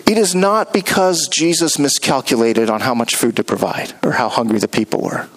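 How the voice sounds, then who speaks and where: A pastor preaching a sermon, telling the story with animated delivery and acting out the characters. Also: male voice, medium pitch, normal speed, low-quality recording.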